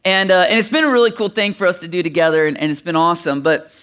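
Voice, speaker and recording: A man's voice: high-pitched, steady tone, quick pace, a bit bright, clean tone. A middle-aged man preaching, telling a personal story that builds to emphatic preaching. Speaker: pastor. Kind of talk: sermon.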